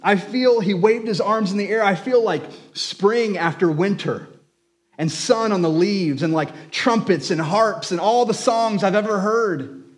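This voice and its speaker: A man voicing a hopeful young male hobbit gardener with excited high cries, reading a novel aloud in a sermon. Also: normal speed, close to an everyday voice. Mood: overjoyed.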